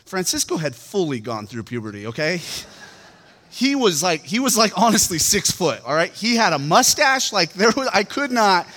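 A man with a high voice delivers a sermon in the loose, chatty manner of someone telling a story, full of casual fillers. His voice rings out with a long reverb, as in a church hall. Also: big pitch swings, normal speed, pushed and bright. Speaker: pastor.

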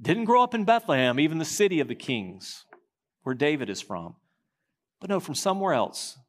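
A man preaching a sermon as pastor, reading quotations aloud, slowing and dropping low at key lines. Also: very animated.

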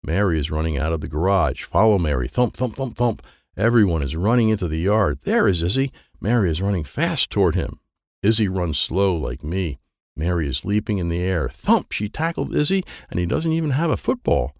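A man narrates a children's storybook in simple, childlike first-person sentences. His voice sits low with a gravelly grain and very wide swings in pitch. The recording is close and dry. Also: sing-song, fairly quick, darkish tone, no echo. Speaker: audiobook narrator.

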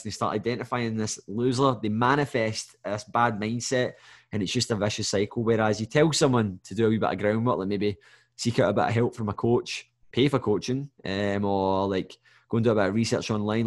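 A male fitness coach talks through his advice alone on a podcast, in a slightly low voice at a brisk clip. He rambles conversationally and keeps turning to the listener to ask if they follow, pushing them toward action. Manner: rambling and conversational, with frequent "do you know what I mean"; direct, motivational advice. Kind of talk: solo podcast monologue.

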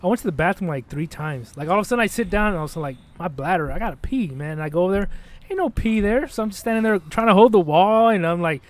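Fast-talking young man telling a story. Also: sits high. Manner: rambling, profane, animated, acts out quotes. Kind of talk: casual storytelling chat.

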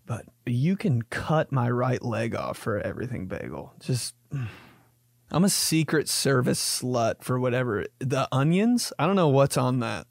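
Animated young man riffing comedically. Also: medium pitch, a little slow, gravelly, no echo, studio quality. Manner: animated, jokey, acts out silly voices. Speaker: podcast host. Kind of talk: comedic monologue.

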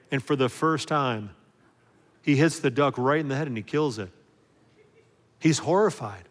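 A man preaching a sermon to his congregation, acting out a story's characters and moving from loud, lively telling to quiet, hushed appeals. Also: medium pitch. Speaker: pastor. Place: church sanctuary. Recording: long hall reverb.

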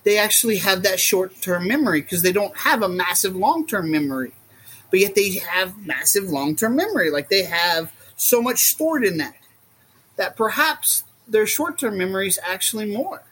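A man talking as a guest in a casual podcast chat, rambling and animated, often acting out what others say. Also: high-pitched, normal speed, slight background noise. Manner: rambling and animated, acts out quotes. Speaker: guest, reptile keeper.

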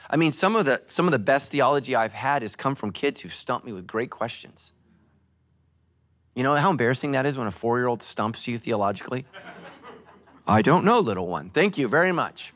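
A male pastor giving a sermon at a church service, joking and telling animated stories. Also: medium pitch. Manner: animated, joking, storytelling preacher.

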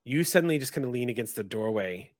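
A man's voice: medium pitch, lively intonation, fast, no echo, clean studio sound. A man running a tabletop game, describing scenes and speaking to players, rambling with restarts. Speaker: game master.

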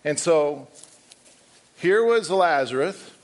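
A man's voice: fairly high pitch, animated, slow pace. A man preaching, who reads a long Bible passage aloud and then talks directly to his congregation. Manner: reads scripture steadily, then talks to the congregation and calls up a helper. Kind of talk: scripture reading and sermon.

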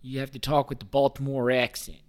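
A man's voice: medium pitch, flat delivery, brisk. A man in his thirties hosting a podcast, in rambling, profane, joking casual sports talk. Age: 30s. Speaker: podcast host.

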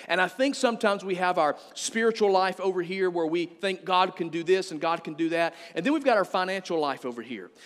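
A pastor with a high, bright-edged voice preaches with energy. He leans hard on the scripture he quotes. His voice rings out with a long reverb through the hall. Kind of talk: sermon.

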